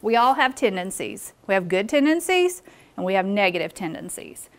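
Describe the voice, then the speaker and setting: A woman's voice: medium pitch, big pitch swings, moderate pace. A woman presenting a live workshop in a meeting room, engaging the audience with questions.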